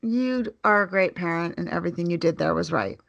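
A woman's voice: lowish voice, brisk, creaky, no room sound, highs cut off. A woman co-hosting a podcast, talking bluntly and reassuringly, swearing freely. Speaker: podcast co-host. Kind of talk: casual chat.

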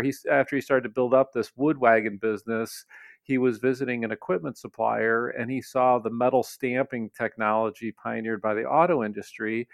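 A man's voice: medium pitch, creaky, no room sound. A man, a company CEO, telling a story as an interview guest in a reflective way, with frequent fillers.

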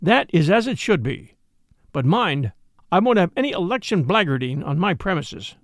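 A grave working-class cab driver and father, earnest and firm as he lectures his family, read by a man. His lively, rising and falling voice comes across close and dry in a storybook reading. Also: high-pitched, normal speed, no echo.

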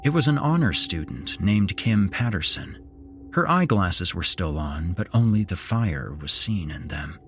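Slow, low-voiced male horror narrator. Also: very animated, soft background music. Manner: slow, measured storytelling. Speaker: podcast host and narrator. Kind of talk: scripted horror story narration.

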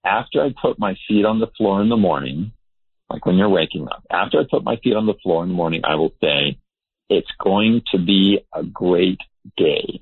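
A male researcher talks through his ideas in an earnest, emphatic way. His voice is husky and lowish. It comes over a tinny, phone-like line. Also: animated, fast, no room sound. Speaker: behavior researcher. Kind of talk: interview guest explaining.

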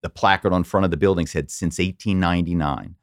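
A middle-aged man from the Philadelphia area, an animated storyteller who slips into quoted voices as a podcast guest. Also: deep voice, fairly quick, no echo, studio quality. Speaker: podcast guest, former corporate spy. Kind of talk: casual interview storytelling.

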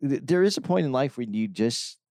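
Lively man with a bouncing voice. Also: medium pitch, fairly quick, no room sound, clean studio sound. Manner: laughs often, lively banter. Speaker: podcast co-host. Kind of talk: casual chat.

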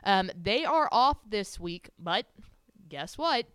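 A woman's voice: mid-range voice, animated, slow pace, a bit bright, clean tone, no room sound. A woman co-hosting a sports podcast, chatting casually and rattling off game stats in an upbeat way. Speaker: podcast co-host.

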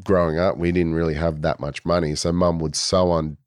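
A man's voice: sits low, level tone, brisk, a little mellow, clean tone, dry recording, clean studio sound. An Australian man in his forties, a guest telling stories in a laid-back, rambling way with plenty of fillers. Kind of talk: casual storytelling.

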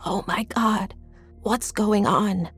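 A woman voicing a frightened elderly mother who speaks in a breathy, quavering half-whisper. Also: medium pitch, very slow, soft background music, pitched above the performer's own voice, full character voice. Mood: panicked.

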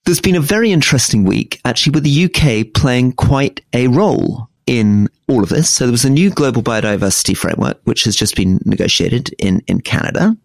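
A middle-aged man co-hosting a political podcast, explaining current affairs in a measured way with frequent restarts. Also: mid-range voice, animated, gravelly, no echo, studio quality. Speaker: podcast co-host. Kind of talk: casual political discussion.

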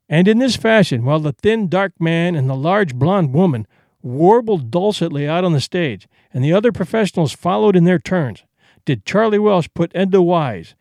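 A man narrating an audiobook with expressive storytelling. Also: high voice, no room sound, clean studio sound.

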